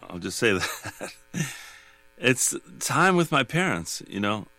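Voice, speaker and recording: A man in his sixties, a guest in a studio interview, talking in a halting, rambling way with many restarts. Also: medium pitch, very animated, pushed and bright, dry recording. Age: 60s. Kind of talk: casual interview chat.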